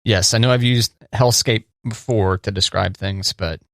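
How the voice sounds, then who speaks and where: A man's voice: lowish voice, fairly even intonation, normal speed, creaky, no room sound. Man radio co-host, joking, dry sound. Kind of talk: morning radio show chat.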